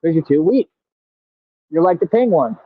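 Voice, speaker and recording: A brash, boastful man rants at his critics in a high, confrontational voice. The sound is tinny and phone-like, and very dry with no room around it. He drags out words slowly when he wants them to land. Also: expressive, husky, dry recording. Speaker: radio show host. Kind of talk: combative live-stream rant at commenters.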